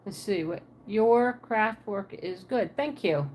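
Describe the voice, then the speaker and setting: A woman's voice: medium pitch, expressive, slow pace, darkish tone, a little hiss or hum. A woman from Pennsylvania with a Pennsylvania Dutch accent and a Southern twang, chatting casually on a livestream from her apartment and answering viewers' comments aloud.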